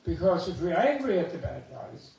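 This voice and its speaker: A man with a raspy, gravelly voice pitched a little high gives a Buddhist talk, telling animated stories with chuckling asides. He sounds distant from the mic. A long, booming hall echo surrounds every word. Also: moderate pace. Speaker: Buddhist scholar giving a talk. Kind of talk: dharma talk with anecdotes. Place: temple hall.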